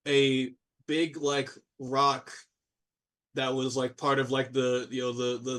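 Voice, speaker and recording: A man's voice: mid-range voice, fairly bright tone, recorded from a distance. Rambling game master man, a little off-mic. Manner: rambling, filler-heavy narration with sudden voices. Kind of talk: narrating a tabletop game.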